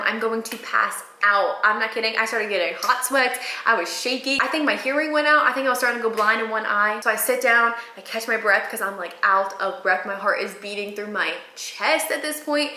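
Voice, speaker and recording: A woman in her twenties, chatting excitedly to camera as a vlogger and telling a story. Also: fairly high pitch, a little fast, few pauses. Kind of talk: casual chat. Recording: echoey room.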